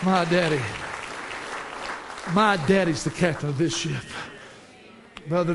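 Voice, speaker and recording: A man preaching a sermon, building to fervent shouts and dropping back down low. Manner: rises to fervent shouts, then drops low.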